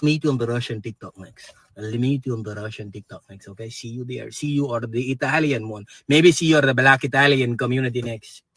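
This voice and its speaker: Joking man with a bright voice. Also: mid-range voice, fairly quick, hardly any pauses, no echo. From Jamaica. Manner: playful, joking, teasing. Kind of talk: comic social media skit.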